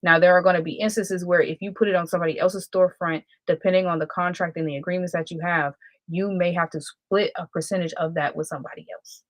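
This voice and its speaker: Female livestream host, casual and self-correcting, lowish voice. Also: fairly even intonation, fast, no echo. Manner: rambling, self-correcting, chatty. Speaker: live stream host.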